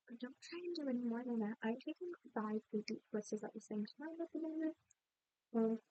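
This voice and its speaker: A woman's voice: on the high side, dark tone, no echo, poor audio. A young woman, a college student, chatting candidly in a rambling, apologetic way as she narrates her game build, sounding worn out. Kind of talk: casual voice-over chat over a game build. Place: at home by a laptop.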